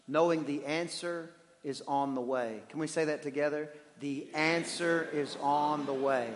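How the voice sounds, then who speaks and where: A high-voiced man preaching in a church, his voice ringing with long reverb through the hall. He is animated, swinging from loud shouts to hushed, quiet stretches. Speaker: pastor. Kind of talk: sermon. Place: church sanctuary.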